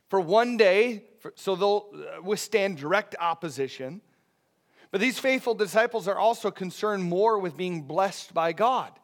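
A middle-aged man delivers a sermon in an easygoing, conversational way, often checking in with his listeners. His voice sits noticeably high for a man. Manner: conversational, animated, often asking "right?". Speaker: pastor.

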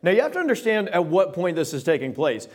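A man preaching a sermon, retelling scripture passages in casual modern words and reading the old verses slowly. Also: sits high, huge pitch swings. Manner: reads King James verses slowly and solemnly. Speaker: pastor.

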